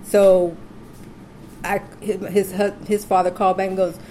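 A woman's voice: mid-range voice, measured pace, a little hiss or hum. A woman casually telling a personal story, acting out the voices of the people she quotes. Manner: animated, acts out quoted voices.

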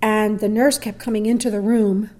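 A woman's voice: mid-range voice, steady tone, moderate pace, warm tone. A middle-aged woman telling a personal story, acting out quoted voices and dropping to near whispers. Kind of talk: personal story told to a listener.

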